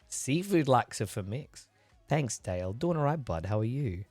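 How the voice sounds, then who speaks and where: A man's voice: mid-range voice, very animated, normal speed, darkish tone, dry recording, soft background music. A man hosting a livestream, chatting in a rambling way with viewers while recovering from a chest infection and coughing now and then. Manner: rambling, chatty, reads and answers chat. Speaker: livestream host. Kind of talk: casual chat with live viewers.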